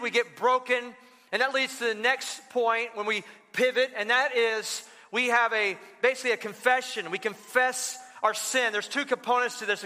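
High, bright-voiced preacher in a reverberant hall. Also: male voice. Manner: storytelling, emphatic, rising to high bursts. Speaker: pastor. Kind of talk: sermon.

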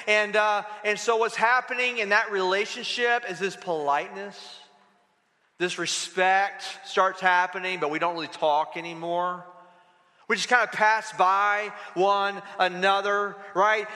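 An animated male preacher delivering a sermon in a church sanctuary. His voice sits high and sounds bright and sharp. He acts out short bits of dialogue, and a long reverb from the hall trails behind his words. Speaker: pastor.

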